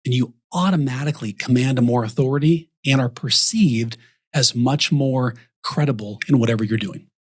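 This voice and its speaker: A man with a husky, slightly breathy voice talks on a podcast. He is from Texas and coaches advisors by acting out sample conversations with clients. His pitch sits in an everyday middle range. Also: normal speed. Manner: animated storyteller acting out example dialogues. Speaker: guest author and advisor coach. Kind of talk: podcast interview talk.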